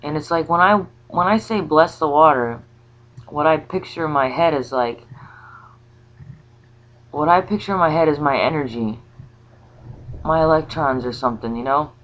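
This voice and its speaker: A woman's voice: sits low, fairly bright tone. Rambling woman on a dull recording. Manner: rambling, halting, with many restarts and fillers. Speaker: vlogger. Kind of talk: casual spiritual monologue. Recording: slightly dull lo-fi sound.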